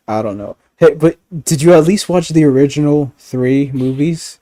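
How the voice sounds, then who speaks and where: Animated, swearing man ranting casually. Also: fairly high pitch, moderate pace, hardly any pauses, no room sound, studio quality. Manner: animated, profane, laughing rants.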